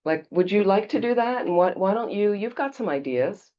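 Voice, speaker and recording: A woman doing a strong-willed husband gone soft. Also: medium pitch, animated, normal speed, dull audio, voice pushed up, close to an everyday voice. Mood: coaxing. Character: strong-willed husband softening, making an offer.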